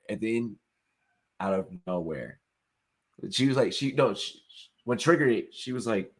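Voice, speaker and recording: A man's voice: mid-range voice, lively intonation, normal speed. Laid-back young man telling stories. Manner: laid-back, profane storytelling with laughs. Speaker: podcast co-host. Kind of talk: casual chat.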